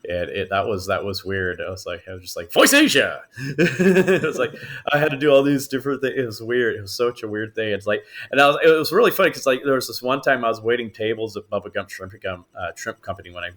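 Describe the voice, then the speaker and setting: Speaking quickly in a fairly low, slightly bright voice, this actor and voice actor tells stories during a podcast interview. He laughs frequently and performs the voices of those he's quoting.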